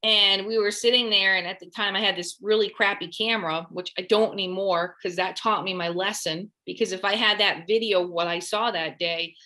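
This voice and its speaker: A woman researching a lake monster, telling her story in an interview in a lively way and often quoting herself. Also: medium pitch, moderate pace, hardly any pauses. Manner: animated, quotes herself mid-story.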